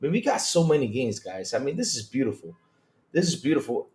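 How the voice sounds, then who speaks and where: On a live gaming stream, a man eagerly addresses his viewers and reads their chat, often laughing and repeating himself. He has a medium pitch and speaks fairly quickly.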